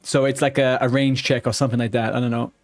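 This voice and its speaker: During live gameplay commentary, a man talks to himself and his viewers, cursing frequently whenever things frustrate him. His medium-pitched voice moves little in pitch, and he speaks quickly.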